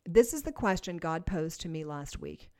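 A woman's voice: fairly low pitch, lively intonation, normal speed. Emphatic woman preacher. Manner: earnest, emphatic, swings between soft and loud. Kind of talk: sermon.

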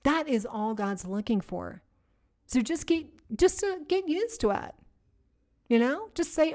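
High-voiced woman teaching with conviction. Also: unhurried. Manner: energetic, repetitive, emphatic lists; addresses listeners directly with rhetorical questions. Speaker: women's ministry teacher. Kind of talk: conversational Christian teaching.

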